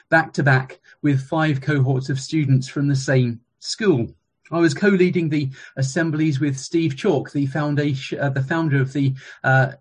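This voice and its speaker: A man, a former school chaplain, preaching a sermon in a measured, reflective storytelling manner. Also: on the high side, darkish tone, slightly rough.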